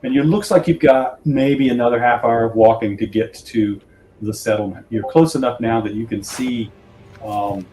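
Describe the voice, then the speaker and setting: A man narrating as game master of a tabletop horror game, halting with many fillers. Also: medium pitch, warm tone, rough recording.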